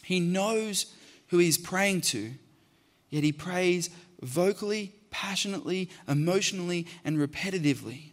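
A man's voice: high-pitched, moderate pace, big-room sound. Passionate preacher, a man with raised voice. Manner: builds to passionate emphasis, repeating phrases. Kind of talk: sermon.

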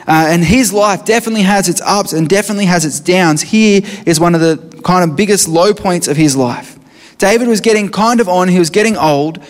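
High-voiced male preacher in a hall. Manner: earnest, reads scripture aloud with rising intensity. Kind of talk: sermon. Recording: reverberant hall.

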